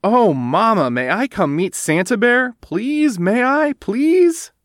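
A man voicing an excitable little girl bear cub from a storybook, pleading and breathless. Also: sits high, takes it slowly, no room sound, studio quality, pitched above the performer's own voice, full character voice. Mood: excited.

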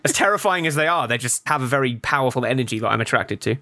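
A man's voice: mid-range voice, animated, fast, sharp tone, no room sound, clean studio sound. A man playing a comedy game show, joking with mock outrage and gamer slang. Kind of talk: improv comedy banter.

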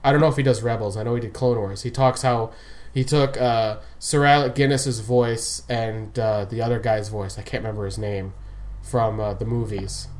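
A man's voice: lowish voice, steady tone, moderate pace, a little mellow, a little hiss or hum. A man in casual fan chat, rambling and often laughing as he talks.

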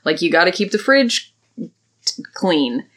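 A woman's voice: fairly low pitch, very animated, a bit bright. A woman co-hosting a casual podcast, recapping a TV episode and acting out the characters' lines. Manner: chatty, acts out characters' lines in quick voices. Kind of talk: casual chat.

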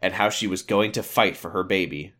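A man's voice: deep voice, a little fast, a bit bright. A man co-hosting a comedy podcast, reading a fanfic aloud with exaggerated drama and frequent laughter.

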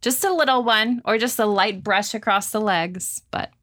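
A woman's voice: mid-range voice, normal speed, a bit bright, dry recording, studio quality. A woman co-hosting a podcast in casual chat, wry, laid-back and joking. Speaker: podcast co-host.

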